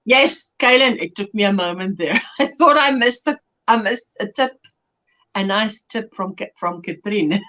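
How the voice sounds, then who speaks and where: A woman's voice: medium pitch, a little slow, bright, forceful tone. A South African woman hosting a crochet livestream, chatting casually and laughing often as she reads viewer comments aloud. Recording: lo-fi livestream audio.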